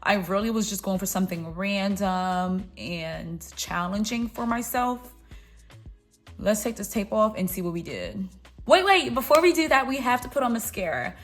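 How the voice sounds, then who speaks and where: A woman's voice: medium pitch, expressive, normal speed, soft background music. A young woman chatting through her makeup tutorial, playful and encouraging as she talks to her viewers. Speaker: beauty vlogger. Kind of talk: casual makeup tutorial chat.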